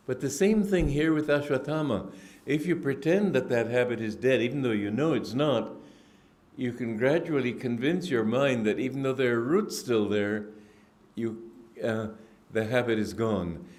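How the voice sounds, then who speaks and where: A man giving a spiritual discourse, telling stories in an unhurried, reflective way with frequent restarts and throat-clearing. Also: medium pitch, a little mellow. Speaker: spiritual teacher. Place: indoor gathering hall.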